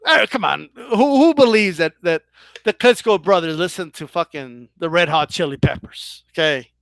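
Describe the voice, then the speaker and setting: Lively, bright-voiced man ranting about boxing. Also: a little high, normal speed, no room sound. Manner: profane, keeps asking the viewers "right?"; animated, stumbling restarts. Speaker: boxing commentator. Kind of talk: casual opinion rant.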